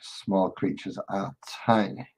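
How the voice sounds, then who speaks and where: A man's voice: sits low, little pitch movement, slow, a little mellow, husky, low-quality recording. A man casually chatting with his live-stream viewers while he paints miniatures, rambling and joking along the way.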